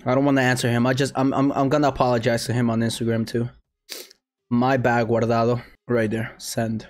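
A young man doing casual gameplay commentary as a gaming YouTuber, excitable and repetitive, swearing freely. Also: medium pitch, brisk.

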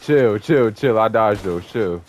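A young man commentating his online gameplay, taunting and cursing at opponents in an excitable, profane way. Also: lowish voice, a little slow. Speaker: gamer streaming online play. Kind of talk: trash-talking gameplay commentary.

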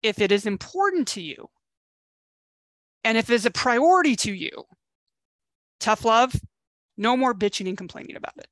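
A woman's voice: on the high side, expressive, normal speed, long pauses, no echo. A middle-aged woman, a dating coach, giving a blunt tough-love pep talk to camera in a casual, chatty way.

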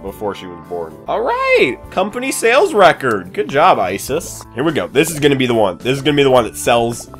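A gaming YouTuber, a man, riffs through comedic let's-play commentary in a goofy, joking way. His mid-range voice swings widely in pitch and breaks into sudden excited yelps. Faint game music plays underneath. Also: fairly quick, hardly any pauses.

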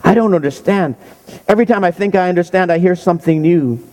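A man's voice: high-pitched, quick pace, a little mellow, pitched above the performer's own voice, natural voice. A man voicing a curious young man who keeps asking puzzled questions.

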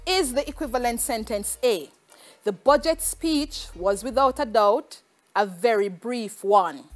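A woman's voice: a little high, expressive, a little slow, soft background music. A woman teacher giving a televised exam lesson, questioning and encouraging as she explains step by step.

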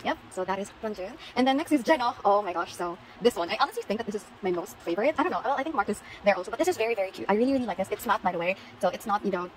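A woman's voice: medium pitch, animated, rapid-fire, hardly any pauses, slight background noise, rough recording. A woman showing off her concert haul in a casual vlog, gushing and repeating herself. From Philippines. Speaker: vlogger.

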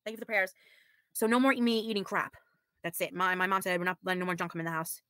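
A woman's voice: lowish voice, fast talker, pushed and bright, clean tone, no room sound. A woman in her thirties streaming live, sounding tired and weary, talking frankly with sighs while reading out viewer comments in casual chat. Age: 30s. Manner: frank, blunt, sighing, with mild swearing. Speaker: livestreamer.

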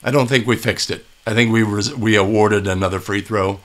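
Bright-voiced male officiating instructor. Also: on the low side, fairly even intonation, fairly quick. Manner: conversational, asks "right?" often. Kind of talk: video breakdown commentary.

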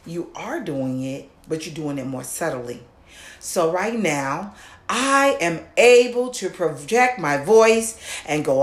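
A woman voice coach teaching an online lesson, who often repeats herself and checks in with "okay?", now and then singing or shouting demonstrations. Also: sits low, animated, slow, roomy sound. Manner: repeats words, checks in with "okay?" and "all right?"; sings demo lines and shouts "ha!" exercises.

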